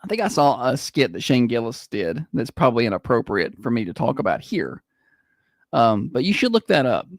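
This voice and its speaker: A man's voice: mid-range voice, sing-song, moderate pace, dry recording. Southern guy radio host goofing around, bouncy voice, dry close mic. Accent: Southern American. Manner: joking, does old-timey announcer voices. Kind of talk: casual radio banter.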